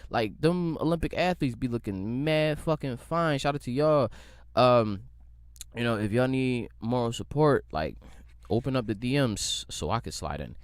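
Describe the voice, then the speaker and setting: A man's voice: medium pitch, lively intonation, normal speed, clean tone, dry recording, clean studio sound. A man hosting his own podcast, ranting and joking in a rambling, profane way. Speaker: podcast host. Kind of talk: casual comedic rant.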